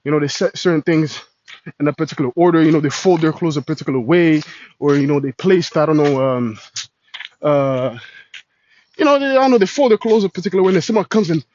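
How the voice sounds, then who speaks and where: A man's voice: fairly high pitch, fast talker, darkish tone. A man preaching in a casual street style, slangy and full of "man" and "you know". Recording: dull lo-fi recording.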